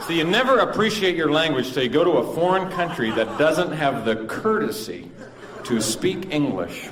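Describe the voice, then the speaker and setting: A man's voice: on the high side, sing-song, a little fast, far from the mic. A man doing live stand-up comedy in a goofy, mock-naive manner, often jumping into silly put-on voices. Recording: echoey live venue with loud crowd noise. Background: audience laughter.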